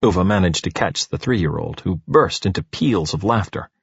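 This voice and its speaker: Expressive male audiobook narrator, husky voice, dull lo-fi recording. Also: low-pitched, normal speed, dry recording. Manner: expressive, storytelling.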